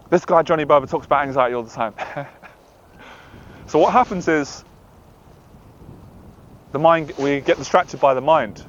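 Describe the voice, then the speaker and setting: A dating and anxiety coach talks straight to the camera, his voice fairly high and his pace normal, with long pauses. He's earnest and confessional, sometimes acting out the voice in his head. The lo-fi audio sounds slightly dull.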